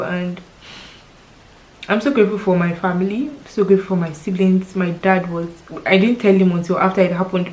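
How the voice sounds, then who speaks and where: A woman's voice: mid-range voice, darkish tone, rough recording. A woman in her thirties with a Nigerian accent, telling a personal story in a vlog, heartfelt and tearful at times, repeating words for emphasis. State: crying at times. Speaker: lifestyle vlogger.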